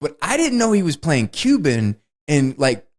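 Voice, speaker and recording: A man's voice: fairly high pitch, wildly swooping pitch, normal speed. Enthusiastic male podcast co-host. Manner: enthusiastic, laughs while telling stories. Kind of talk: casual movie review chat.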